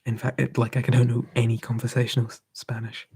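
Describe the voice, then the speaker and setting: A man streaming live ASMR, whispering softly and answering chat in a relaxed way. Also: medium pitch, fast, breathy edge.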